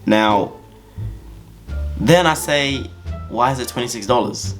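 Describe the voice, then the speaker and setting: A man telling a story-time anecdote in an animated, slangy, casual way. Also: mid-range voice, takes it slowly, faint music behind. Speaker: vlogger.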